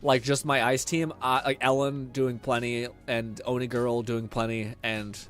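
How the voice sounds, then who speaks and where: A man's voice: mid-range voice, flat delivery, measured pace, faint music behind. A young man streaming a game, chatting casually with viewers, rambling, swearing and laughing often. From Canada. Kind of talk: casual chat reading viewer comments.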